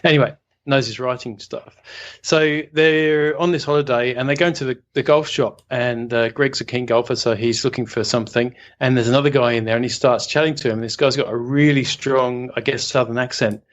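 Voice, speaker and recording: A man's voice: medium pitch, fairly even intonation, a little fast, dull audio. Male co-host, easygoing anecdote teller, lots of fillers. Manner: rambling storyteller, hesitant fillers, chuckles. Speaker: writing podcast co-host. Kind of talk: casual anecdote.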